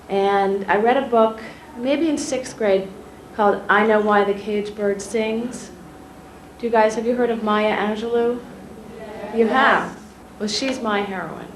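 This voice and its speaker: A woman journalist telling schoolchildren a personal story in an animated way, often asking them questions directly. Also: mid-range voice, measured pace. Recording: echoey room, faint ambient noise.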